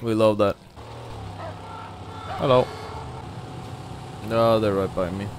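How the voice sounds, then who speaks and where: A young man giving loud, joking, profane commentary while playing a video game. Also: lowish voice, steady tone, slow, a little hiss or hum. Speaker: gaming video creator. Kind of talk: let's-play commentary.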